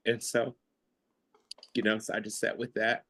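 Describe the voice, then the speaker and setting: A man's voice: on the low side, flat delivery, moderate pace, fairly bright tone. A man hosting a mindfulness class, sharing his feelings in a rambling, casual way with frequent laughter, heard over a video call. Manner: rambling, laughs often, lots of fillers. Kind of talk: casual, heartfelt group sharing.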